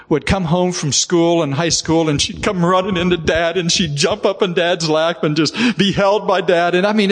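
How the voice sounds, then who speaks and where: High-voiced preacher in a reverberant hall. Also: male voice. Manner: heartfelt storytelling, repeats "just" often. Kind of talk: sermon.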